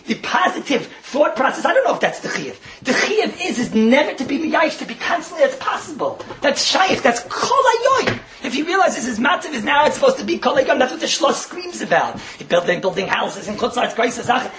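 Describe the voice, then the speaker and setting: A man gives a Torah class, jumping from teaching into storytelling with a lively, swinging pitch. He speaks quickly and laughs often as he talks. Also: a little hiss or hum.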